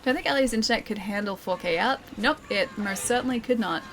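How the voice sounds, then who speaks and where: Speaking fast at medium pitch, a young female streamer chats easily with her audience as she plays, laughing frequently and reading out comments. Game music runs beneath her, and there's background noise.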